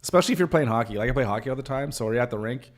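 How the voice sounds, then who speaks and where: A man's voice: medium pitch, animated, racing. A man with a Canadian accent hosting a casual chat as a web designer, rambling loosely with many fillers and self-mocking laughs. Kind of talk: casual chat while working on screen.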